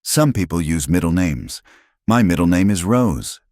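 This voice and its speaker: A man reading a storybook voicing a stubborn, tearful young girl in a high voice. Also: big pitch swings, moderate pace, a little mellow, no echo, clean studio sound. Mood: firm.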